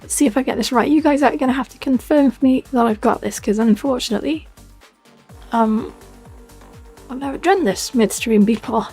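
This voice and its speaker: A man's voice: extremely high pitch, a little fast, a little mellow, breathy edge, soft background music, pitched above the performer's own voice, exaggerated voice. A British man talking through a voice changer as a young goth woman streamer, chatty and giggly in casual live-stream chat.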